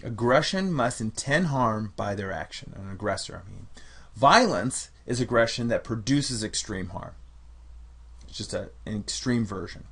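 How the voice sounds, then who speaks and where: A man's voice: lowish voice, animated, moderate pace, a bit bright, slightly rough. Man giving a casual psychology lecture. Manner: conversational, repeats and restarts phrases. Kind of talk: recorded university lecture.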